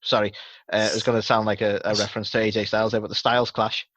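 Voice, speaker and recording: A man's voice: on the low side, level tone, quick pace, fairly bright tone, no room sound. Sarcastic swearing podcast guy. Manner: swearing, rambling, sarcastic asides. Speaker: podcast co-host. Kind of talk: casual wrestling chat.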